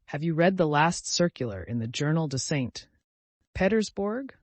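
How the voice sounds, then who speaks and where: A man voicing a gentle, modest older aristocratic gentleman in an audiobook, polite and self-deprecating. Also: on the high side, sing-song, normal speed, no room sound. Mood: earnest.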